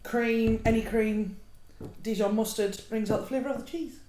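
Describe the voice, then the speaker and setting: A woman's voice: on the high side, fairly even intonation, moderate pace, mellow. A woman hosting a casual home cooking vlog, chatty and self-mocking with frequent giggles. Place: home kitchen. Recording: echoey room, noisy background.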